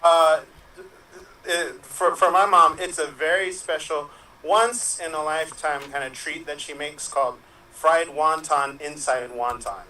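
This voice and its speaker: Rambling bright-voiced man improviser. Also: a little high, measured pace, recorded from a distance, poor audio. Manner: hesitant, rambling, fillers. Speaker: improv player. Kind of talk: improv comedy on a video call.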